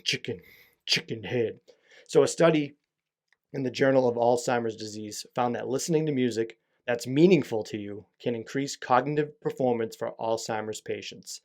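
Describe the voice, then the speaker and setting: A man's voice: mid-range voice, darkish tone. A young adult man hosting a solo podcast, talking candidly and rambling with lots of fillers and swearing. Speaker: podcast host. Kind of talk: casual solo podcast monologue.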